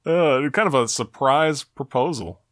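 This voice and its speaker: A man's voice: medium pitch, a little slow, a bit bright, no room sound, studio quality. A man co-hosting a casual talk show, walking through game endings and reading their text aloud with a wry tone. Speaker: podcast co-host. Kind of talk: casual retro game discussion.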